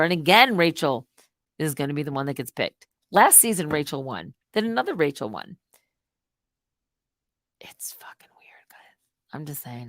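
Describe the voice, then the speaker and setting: A middle-aged woman hosting a live stream, rambling casually and swinging between loud outbursts and muttered asides. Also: fairly low pitch, no room sound, clean studio sound.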